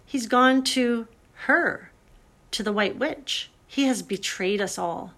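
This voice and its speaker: A woman's voice: on the high side, slow, a bit bright, voice pushed up, full character voice. Homely anxious male beaver, grave and emphatic, storybook reading, voiced by a woman.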